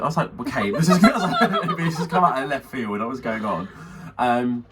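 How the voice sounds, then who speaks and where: A podcast co-host tells a story in casual conversation, swearing freely and mimicking the people involved. His medium-pitched voice has lively intonation, and he talks rapid-fire with hardly any pauses, picked up by a distant mic with faint background noise.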